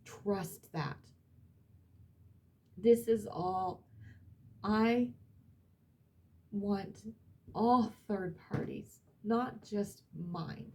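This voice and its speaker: A woman's voice: mid-range voice, takes it slowly, long pauses, mellow. A woman reading tarot cards for her audience, emphatic and blunt, repeating herself and swearing now and then. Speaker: tarot reader.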